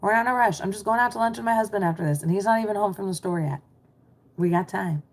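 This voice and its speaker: A woman's voice: mid-range voice, fast talker. A middle-aged American woman coaching live on a stream, chatty and reassuring as she reads questions and replies to the chat. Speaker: mindset business coach. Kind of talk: livestream coaching talk.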